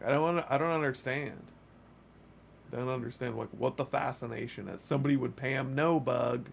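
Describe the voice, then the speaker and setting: A man's voice: medium pitch, a little fast, gravelly, a little hiss or hum. A man co-hosting a livestream, chatting casually and swearing easily. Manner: laid-back, swears casually. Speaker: livestream co-host.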